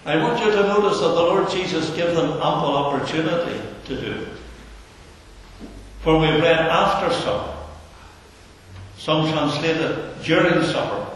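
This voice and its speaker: A man preaching a sermon in an earnest, slow manner, sinking his voice low for emphasis. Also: a little hiss or hum. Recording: echoey hall from far off.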